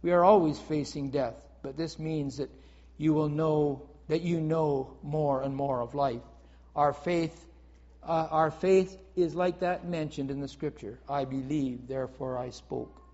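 A man's voice: a little high, measured pace, darkish tone. A man preaching a sermon in an earnest way, reading scripture aloud and explaining it, often repeating his phrases. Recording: dull audio with long hall reverb.

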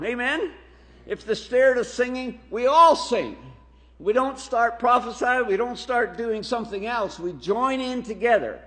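High-voiced preacher in a reverberant hall. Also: male voice. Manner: slow, emphatic scripture reading with call-and-response "Amen?". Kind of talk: sermon. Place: church hall.

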